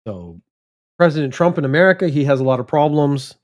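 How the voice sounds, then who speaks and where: A man teaching English vocabulary, thinking aloud and saying words slowly and deliberately to stress the key ones. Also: fairly high pitch, expressive, highs cut off.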